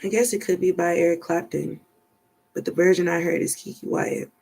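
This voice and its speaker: A woman's voice: on the low side, fairly even intonation, normal speed, gravelly, darkish tone, a little hiss or hum. A woman giving a rambling, chatty tarot card reading, thinking aloud as she goes. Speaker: tarot reader.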